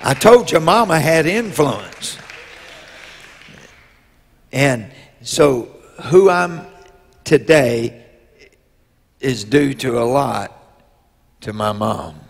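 A man, a bishop preaching a sermon as a personal story, telling it slowly with drawn-out pauses and rising to loud emotional peaks. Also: medium pitch, lively intonation, vocal fry, breathy edge. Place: church sanctuary. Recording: long reverb in a church hall.

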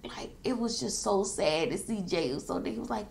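A woman vlogger telling a story in a casual, animated way as she does her makeup, acting out what the wrestlers said. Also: medium pitch, moderate pace, vocal fry. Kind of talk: casual recap while doing makeup.

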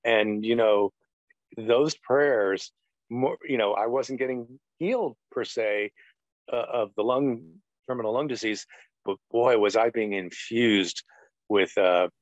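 A man's voice: medium pitch, slow, no room sound. Earnest middle-aged pastor telling his story. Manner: earnest, rambling storyteller full of "you know". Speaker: retired pastor, interview guest. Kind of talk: personal testimony in a podcast interview. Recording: dull, dry lo-fi sound.

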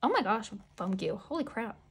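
A woman vlogger giving excitable, gushing commentary as she unboxes merchandise and talks back to the photos. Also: a little high, normal speed, vocal fry, breathy edge.

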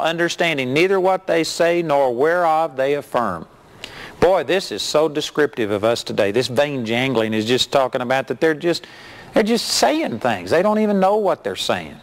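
A middle-aged man preaching a sermon as a television minister, reading scripture and telling stories with animated mimicry. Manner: animated storytelling, mimics hyped preachers in a high voice.

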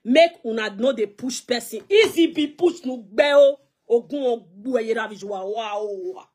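A young Nigerian woman with a high-pitched voice goes live on her phone to call someone out. She is confrontational and scolding, slipping pidgin into her English. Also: unhurried, few pauses, darkish tone. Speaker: social media personality. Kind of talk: heated live video rant.

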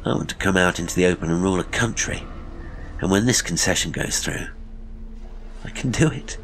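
A man's voice: low-pitched, brisk, fairly bright tone, a little hiss or hum. A man voicing a chilly, gloating villain. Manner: chilly, sneering, biting. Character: suave menacing villain, cold and gloating.

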